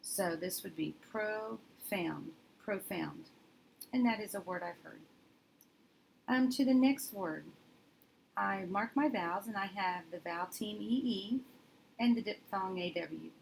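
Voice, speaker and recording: A woman teacher demonstrating step by step in a steady, methodical way, thinking aloud as she works. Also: medium pitch, measured pace, gravelly, pauses often, low-quality recording. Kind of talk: instructional demonstration. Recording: faint background noise.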